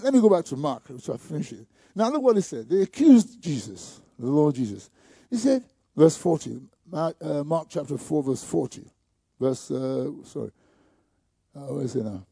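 A man preaching a sermon, calling out to the congregation and building to shouted peaks. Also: fairly high pitch, breathy edge, dry recording, clean studio sound. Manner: call-and-response preaching with rising shouts. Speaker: pastor.

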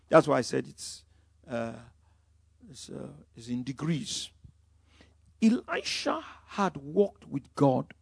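Emphatic preacher, lively pitch. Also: male voice, gravelly, dry recording, clean studio sound. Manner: emphatic preaching with wide swings in loudness. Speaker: pastor. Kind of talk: sermon.

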